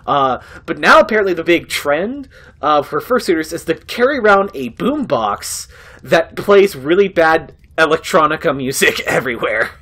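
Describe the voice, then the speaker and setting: A laid-back man trading casual banter over a game playthrough. His pitch rises and falls a lot as he talks, and he swears freely and laughs often. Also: sing-song, moderate pace, pushed and bright.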